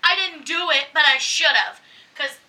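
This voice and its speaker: A woman in her thirties co-hosting a podcast, talking loud and animated, swearing and laughing in casual chat. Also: high voice, a little slow, far from the mic, poor audio. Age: 30s. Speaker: podcast co-host.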